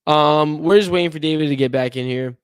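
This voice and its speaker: Young dude on a sports stream, kinda high voice, rambly, keeps yawning, home mic. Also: male voice, a little fast, a little hiss or hum. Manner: chatty, rambling, yawning often. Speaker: podcast co-host. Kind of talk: casual livestream chat.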